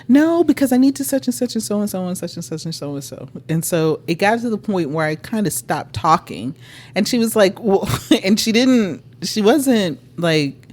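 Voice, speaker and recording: A woman's voice: low-pitched, darkish tone. A middle-aged woman co-hosting a podcast, telling a personal story in casual chat, acting out what people said, laughing often and swearing. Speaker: podcast co-host.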